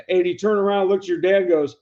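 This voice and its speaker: A man's voice: high-pitched, fairly even intonation, normal speed, a little mellow, muffled recording. A man co-hosting a podcast who tells casual, profane stories and acts out the dialogue. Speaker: podcast co-host. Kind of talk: casual storytelling chat.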